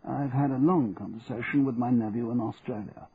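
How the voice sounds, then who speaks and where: A man's voice: mid-range voice, a little fast, lightly acted. A man playing a formal, courteous old male lawyer with a dry, precise manner in an audiobook, heard over a tinny line. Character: formal elderly male solicitor. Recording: tinny narrow band, faint hiss.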